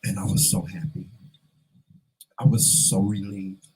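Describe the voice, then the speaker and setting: A man's voice: low voice, steady tone, unhurried, darkish tone, breathy edge, rough recording. A man vlogger telling a personal story in an earnest, emotional way, fighting back tears and repeating phrases for emphasis.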